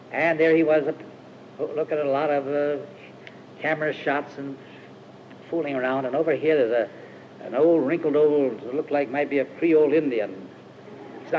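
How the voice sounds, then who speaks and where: An older man with a fairly high voice tells stories in a loose, rambling sermon, stumbling over uh's and restarting his sentences. The sound is a dull, muffled old archive recording with faint hiss behind him. He is speaking at a camp meeting. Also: steady tone. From Iowa, USA. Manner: rambling, halting, with many uh-hesitations and restarts. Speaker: speaker at a Christian retreat camp. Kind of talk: informal storytelling sermon.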